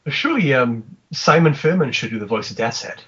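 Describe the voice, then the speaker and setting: A man chatting on a podcast, enthusiastic and halting, often repeating his words. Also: medium pitch, animated, fairly bright tone, breathy edge, muffled recording. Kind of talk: casual podcast chat.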